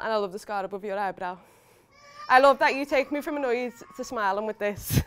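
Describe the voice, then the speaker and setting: A woman's voice: fairly high pitch, fast. A young woman giving an emotional wedding speech as the bride, laughing between lines. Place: hotel wedding reception.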